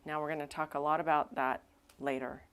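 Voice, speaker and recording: A woman's voice: low-pitched, fairly quick, clear, resonant tone. A woman pastor preaching a sermon in a church, in a casual, conversational way, acting out the people in the story as she tells it. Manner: conversational, animated retelling with acted-out quotes. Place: church sanctuary.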